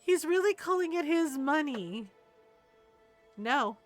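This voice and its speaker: A woman's voice: high-pitched, animated, slow pace, soft background music. A woman streaming a game, chatting casually and rambling, with bursts of indignation. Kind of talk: casual gameplay commentary.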